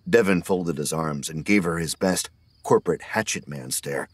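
A man narrating an audiobook horror story in a steady scripted reading. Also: sits low, moderate pace, slightly rough, no echo.

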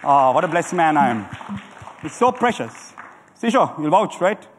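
A middle-aged man preaching a sermon as a pastor, animated and calling on the congregation to answer back. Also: on the high side, moderate pace, a little hiss or hum. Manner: animated preaching with audience call-and-response. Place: church hall. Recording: church hall with long reverb.

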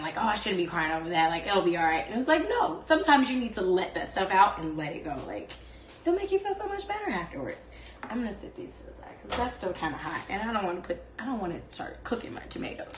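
This is a woman with a medium-pitched voice, recorded with reverb and a faint hiss or hum. She's hosting a cooking show at home, talking casually while she cooks, chatty and expressive, with plenty of "like" thrown in.

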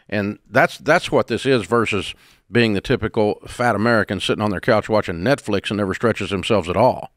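Older man, radio host, low voice, folksy and blunt, dry studio sound. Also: brisk, no echo. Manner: blunt, folksy, plain-spoken. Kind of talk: call-in advice talk.

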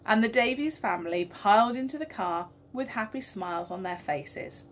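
A woman, a teacher reading a story aloud and leading school worship in a gentle, expressive way. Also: medium pitch, normal speed, few pauses, slight background noise. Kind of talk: storybook reading and assembly talk.

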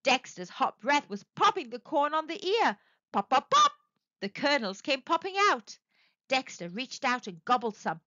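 A woman narrating a children's story aloud in an expressive, sing-song way. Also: sits high, normal speed, no room sound, highs cut off.

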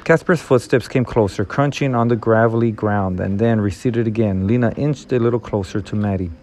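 A man reading a novel aloud in a steady, measured storytelling manner. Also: fairly low pitch, slight background noise. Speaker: reader.

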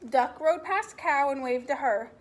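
High, lively teacher reading a storybook. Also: female voice, unhurried. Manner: expressive storytelling with animal sounds. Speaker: kindergarten teacher. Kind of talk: reading a picture book aloud to young children.

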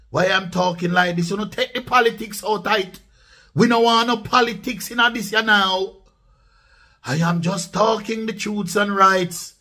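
A man with a Jamaican accent gives emphatic political commentary in a casual vlog, dropping into patois and repeating points for stress. His voice sits high, bright and forceful, at a normal speed.

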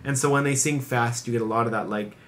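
A man's voice: medium pitch, fairly even intonation, fast talker, fairly bright tone, a little hiss or hum. An American man chatting casually as a co-host, explaining things in an eager, rambling way with lots of filler words. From United States. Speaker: reaction channel co-host. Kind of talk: casual chat.

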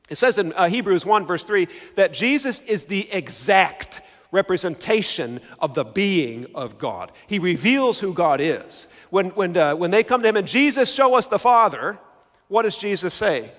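A man's voice: high voice, expressive, normal speed, fairly bright tone, long reverb tail. A male pastor preaching an emphatic sermon, repeating key words and putting questions to the congregation.

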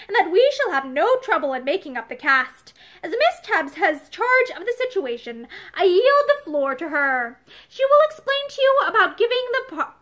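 A woman's voice: very high voice, fairly bright tone, exaggerated voice. A woman reading as a stately school principal. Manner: formal, measured speech.

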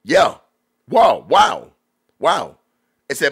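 A man hosting a podcast, reacting to old rap videos in loose, animated talk full of drawn-out exclamations. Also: fairly high pitch, breathy edge, soft background music. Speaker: podcast host. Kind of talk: casual commentary reacting to music videos.

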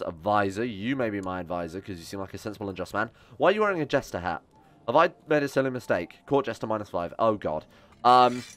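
A man's voice: fairly low pitch, a bit bright. Sarcastic man narrating his gameplay. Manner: chatty, sarcastic, swears, talks back to game characters. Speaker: gaming YouTuber. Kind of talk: casual gameplay commentary.

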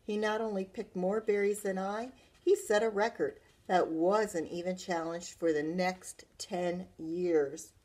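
A woman's voice: on the low side, steady tone, unhurried, few pauses, warm tone. A librarian reading a picture book aloud to children, adding chatty asides to her listeners.

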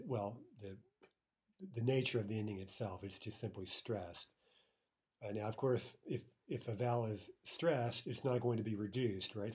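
Guy teaching a language lesson, kinda husky and low, patient, says uh a lot. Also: darkish tone. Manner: explains patiently, with fillers and restarts, reads example words slowly.

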